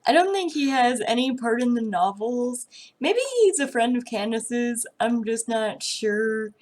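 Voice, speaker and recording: A woman's voice: a little high, a little slow, a little mellow. A young woman vlogger ranting about a TV episode, exasperated, sarcastic and full of swearing. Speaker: reaction vlogger. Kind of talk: ranting reaction commentary.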